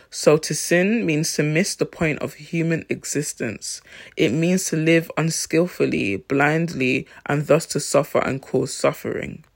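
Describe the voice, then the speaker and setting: Slow-speaking, thoughtful man. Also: a little high, gravelly. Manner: slow, searching, thinks aloud with pauses and restarts. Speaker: Christian vlogger. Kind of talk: reflective faith talk to camera.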